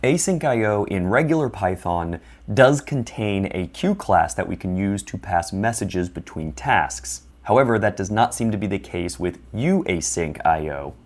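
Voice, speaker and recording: Male tutorial narrator, low voice, plain and methodical explaining. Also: lively intonation, unhurried, few pauses. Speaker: instructor. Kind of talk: screen-recorded coding tutorial.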